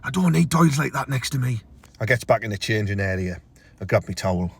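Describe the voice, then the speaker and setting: A man's voice: expressive, fairly quick, vocal fry, breathy edge. Ranting Teesside man, crude comic. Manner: crude, ranting, swears freely, big pitch jumps when outraged. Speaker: comedian. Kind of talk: comic character rant to camera.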